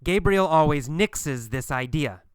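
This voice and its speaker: A man teaching an English lesson, speaking slowly and emphatically and repeating phrases for learners to copy. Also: fairly high pitch, lively intonation, smooth, no room sound, clean studio sound. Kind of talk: scripted language lesson.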